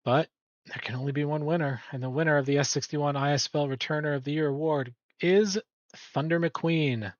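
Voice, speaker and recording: A man's voice: a little high, fairly quick, dry recording. Man host for a league awards stream, rambling and chatty, slightly muffled dry audio. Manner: rambling, self-correcting, chatty. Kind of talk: casual awards commentary.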